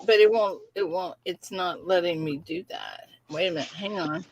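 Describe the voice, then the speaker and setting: A woman's voice: lowish voice, moderate pace. An older woman hosting a casual livestream chat, chatty and laughing as she fusses with her settings. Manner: chatty, laughing, fussing with tech. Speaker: livestream host.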